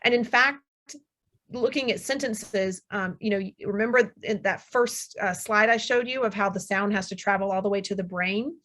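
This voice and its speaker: A middle-aged woman audiologist presents a webinar talk in a room. She explains patiently and reassures her listeners, with frequent ums. Her voice sits at an ordinary pitch. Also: normal speed, a bit bright. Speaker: audiologist lecturer. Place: room with air conditioner hum.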